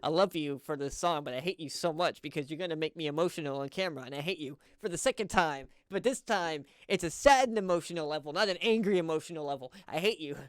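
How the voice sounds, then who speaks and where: A young man in his twenties reacts to music on his channel, talking in a candid, rambling way that circles back on itself. His voice is smooth and clear. It sits close and dry, with no room sound. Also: fairly high pitch, fast, hardly any pauses, no echo. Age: 20s. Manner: earnest, confessional, rambling with repeats. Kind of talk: candid casual reaction commentary.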